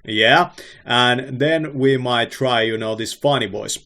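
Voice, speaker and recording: A man casually explaining and demonstrating a microphone in a product video. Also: medium pitch. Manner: slow, relaxed, plainly explaining.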